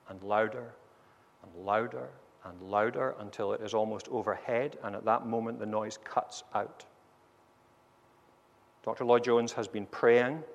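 Earnest male preacher in a reverberant hall. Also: mid-range voice. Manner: earnest preaching, varied volume, ends in prayer. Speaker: pastor. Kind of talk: sermon. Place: church. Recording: long reverb of a large hall.

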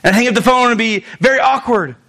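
High-voiced animated young male preacher. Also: quick pace, gravelly. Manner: animated, joking asides, talks straight to the congregation. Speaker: pastor. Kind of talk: sermon.

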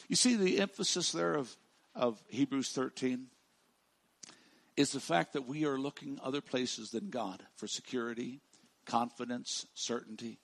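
A man preaching a sermon as pastor, stressing words by repeating them and swinging from loud declarations to hushed, slow lines. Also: medium pitch, gravelly.

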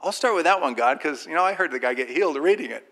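Brief: man, bright, forceful voice, informal faith testimony, lively storyteller who mimics others. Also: fairly high pitch, quick pace. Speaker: Christian speaker sharing a personal testimony.

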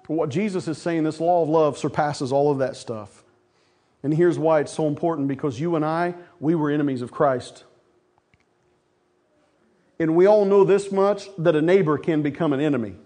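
A man's voice: a little high, normal speed, dark tone. A man preaching a sermon to his church, folksy, calling the congregation folks and asking for amens. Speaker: pastor.

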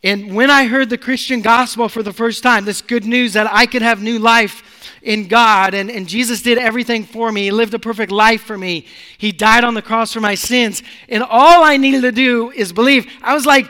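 High, bright-voiced emphatic pastor. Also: male voice, steady tone, moderate pace, in a large hall. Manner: emphatic, swings from loud to hushed. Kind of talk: sermon. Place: church.

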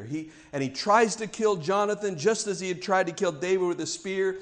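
High-voiced emphatic preacher man. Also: normal speed. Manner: emphatic, swings between hushed and loud. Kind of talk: sermon.

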